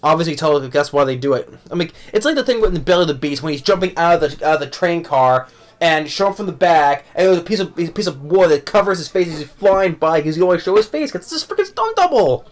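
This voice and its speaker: A man's voice: on the high side, fast. A young man giving a rambling, exasperated movie review rant at home, tripping over his words and restarting often.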